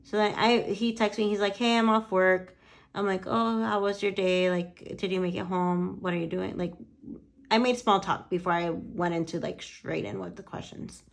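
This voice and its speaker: A woman's voice: medium pitch, fairly even intonation, moderate pace, gravelly. A woman lash artist telling a story in casual chat, swearing freely and quoting conversations with "I'm like".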